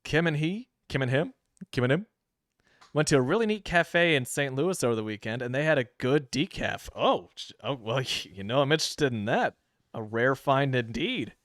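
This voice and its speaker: A man's voice: medium pitch, animated, moderate pace, a bit bright, dry recording. A man from the Midwest chats over his gameplay into a streaming mic, amused by his own jokes. His voice sits in an ordinary middle register, recorded close and dry with no room sound around it. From Midwestern United States. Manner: chatty and self-amused, joking to himself. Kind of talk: casual gameplay commentary. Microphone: streaming microphone.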